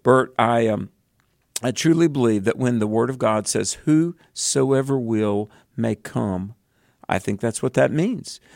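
Southern male co-host, Bible teacher, earnest with emphatic bursts, mid pitch, dry studio sound. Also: animated, unhurried, creaky, darkish tone, dry recording. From American South.

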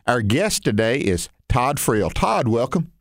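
A man's voice: mid-range voice, big pitch swings, a little slow, no echo, clean studio sound. A man hosting a Christian missions program, talking in a folksy, rambling way with frequent fillers and restarts. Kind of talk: conversational interview.

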